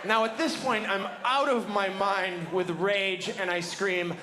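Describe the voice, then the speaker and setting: Guy doing stand-up on a club stage, wordy and wry, yells sometimes, handheld mic, noisy live recording. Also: sits high, steady tone, takes it slowly, few pauses. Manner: wry, wordy storytelling with sudden shouted outbursts. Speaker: stand-up comedian. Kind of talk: stand-up storytelling.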